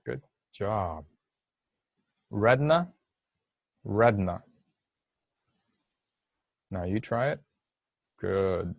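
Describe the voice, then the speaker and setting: A man's voice: fairly low pitch, no room sound. A man teaching a virtual class lesson, encouraging and repeating words for students to say back, and switching to some Spanish for part of the class. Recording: dull lo-fi dry sound.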